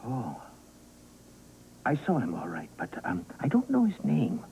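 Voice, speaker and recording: A man's voice: medium pitch, wildly swooping pitch, measured pace, creaky, dark tone, a little hiss or hum, exaggerated voice, low-quality recording. An actor playing a flustered, stammering man in a soap opera.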